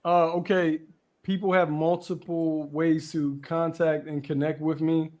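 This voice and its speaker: A man chatting on a podcast in a calm, measured way. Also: a little high. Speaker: podcast co-host. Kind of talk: casual podcast chat.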